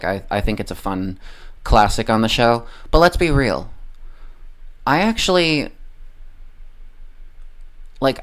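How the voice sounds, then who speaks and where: A man ranting about politics on a livestream, swearing constantly, rambling and often losing his train of thought. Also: lowish voice. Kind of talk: profane political rant on a livestream.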